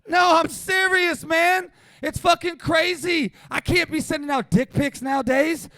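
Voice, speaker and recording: A man in his forties doing a profane stand-up routine at a small comedy venue, brash and loud, often breaking into shouts. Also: very high-pitched, dry recording.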